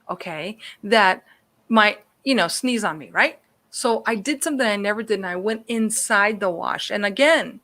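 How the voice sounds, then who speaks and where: Bright, animated woman telling a story. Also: a little high. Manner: animated, rambling, addresses listeners as "you guys". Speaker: guest. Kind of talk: excited storytelling on a talk show.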